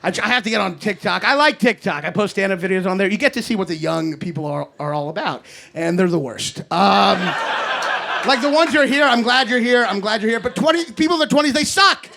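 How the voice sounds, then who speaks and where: A man in his thirties from Kentucky doing an animated, sarcastic stand-up set on a comedy club stage, swinging between loud rants and mutters. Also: high-pitched, a little fast, creaky. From Kentucky, USA. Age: 30s. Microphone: handheld stage mic. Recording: live club recording with audience noise. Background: audience laughter.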